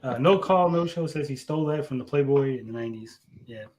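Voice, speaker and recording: This podcast co-host and comedian has a mid-range, somewhat dark voice, heard through lo-fi sound at a slightly quick pace. He's young and tells his jokes loosely, stumbling over fillers and starting over often.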